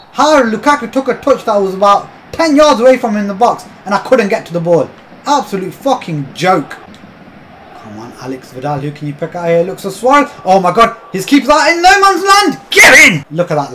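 A young man commentating his own football video game match, swearing often and bursting into shouts at the game. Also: sits high, animated, fairly quick, slight background noise. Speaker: gaming YouTuber. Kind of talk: live gameplay commentary.

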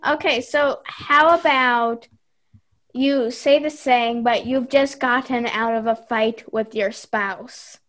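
A woman's voice: a little high, fairly even intonation, slow pace, a bit bright. A woman co-hosting a chat, giving out acting prompts upbeat and laughing along. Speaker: co-host. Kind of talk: game-show style hosting.

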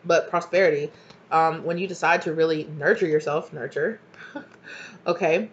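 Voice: mid-range voice, normal speed, muffled recording. A tarot reader giving a casual collective reading, rambling through many fillers in an earnest, encouraging way. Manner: rambling, frequent fillers and "you know".

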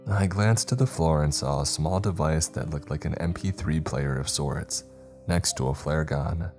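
A man narrating a horror story in a steady, measured way. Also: very deep voice, faint music behind. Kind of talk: scripted narration.

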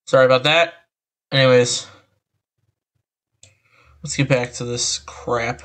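Exasperated man with a voice changer, slow. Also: medium pitch, steady tone, fairly bright tone, soft background music. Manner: exasperated, sighing and rambling. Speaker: online commentator. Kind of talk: reading an article aloud and reacting.

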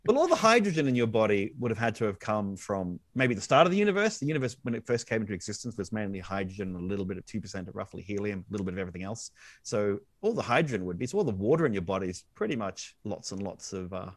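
A man on a podcast as a guest, explaining science with excitable energy and quick restarts. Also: fairly low pitch, dry recording. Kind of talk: animated conversational explaining.

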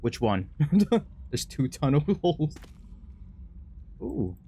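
A man streaming a horror game, joking, excitable and laughing often. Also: medium pitch, slow, a little hiss or hum. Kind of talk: horror game let's play commentary.

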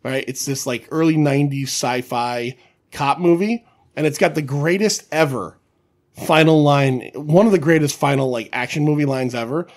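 A man's voice: a little high, moderate pace. A man co-hosting a casual movie podcast, rambling and swearing a lot as he tells stories. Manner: rambling, swears a lot, laughs while talking. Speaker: podcast co-host. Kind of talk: casual chat about movies.

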